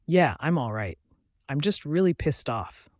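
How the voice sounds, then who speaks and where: Man voicing a fierce teenage werewolf girl, raised pitch, shouting, dry close sound, storybook reading. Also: animated, unhurried, no room sound. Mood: subdued.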